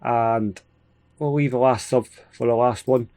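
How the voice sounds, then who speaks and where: A Scottish man hosting a gaming video, giving casual, excitable play-by-play with frequent chuckles. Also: medium pitch, unhurried. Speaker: gaming channel host. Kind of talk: casual let's-play commentary.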